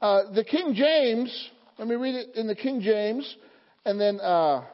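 Preaching unhurriedly in a very high voice, a male pastor draws his congregation into call-and-response and rises toward passionate emphasis. The recording, made in a church sanctuary, sounds dull and carries a long hall reverb.

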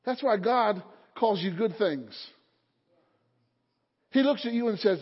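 A man's voice: high-pitched, lively intonation, slow pace, breathy edge. A man preaching a sermon as pastor, leading his congregation in call-and-response and building to fervent emphasis. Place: church sanctuary. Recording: dull sound, long hall reverb.

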